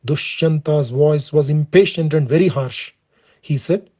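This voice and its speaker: Man reading a sacred story, slightly high voice. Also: mellow. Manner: measured, reverent reading. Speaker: scripture storyteller. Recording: dull lo-fi recording.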